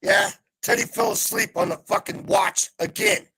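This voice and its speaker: A middle-aged man on a live video call, venting in a heavily profane rant that swings between calm and yelling. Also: very high voice, moderate pace, creaky, no room sound. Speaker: panel guest. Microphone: video call mic.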